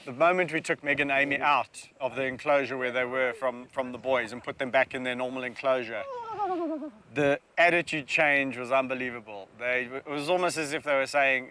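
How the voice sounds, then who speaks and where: A South African man, a lion sanctuary keeper, giving relaxed, chatty commentary on location and speaking fondly of his animals. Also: medium pitch, normal speed.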